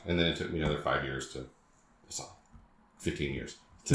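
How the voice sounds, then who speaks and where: A man's voice: rumbling low, normal speed, creaky, fairly bright tone, roomy sound. A man from the Southern United States, co-hosting a podcast in casual chat, rambling and trailing off into fillers. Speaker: podcast co-host.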